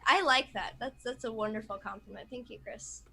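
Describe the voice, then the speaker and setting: Female co-host, bright and fairly high, lively and blunt. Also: a little fast, gravelly, husky, rough recording. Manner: animated, swears freely. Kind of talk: casual panel chat.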